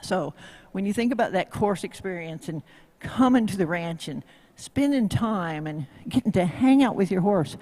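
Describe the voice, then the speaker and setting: Speaking with a Tennessee accent, a horsemanship instructor delivers a live demo talk in a warm, mid-range voice with lively intonation at a moderate pace. He keeps it folksy and joking, tossing plenty of questions to the crowd. His voice carries the long reverb of a big venue.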